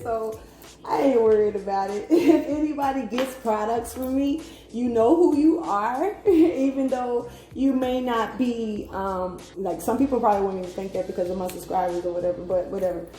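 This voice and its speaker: A woman's voice: medium pitch, warm tone. A woman giving a casual tarot reading who talks bluntly, swears freely, laughs often and trails off into fillers. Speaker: tarot reader. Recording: echoey room with faint music.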